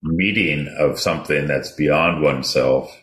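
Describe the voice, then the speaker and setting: Man, extremely low voice, echoey room, measured, scholarly host. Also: a bit bright. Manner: measured, scholarly, hesitant fillers. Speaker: radio show co-host. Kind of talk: thoughtful interview questions.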